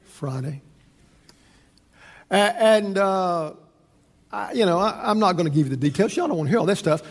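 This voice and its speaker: A male pastor with a high voice preaches a lively sermon, animatedly acting out the voices of the people in his story. The sound rings through a church hall with a long trail of reverb.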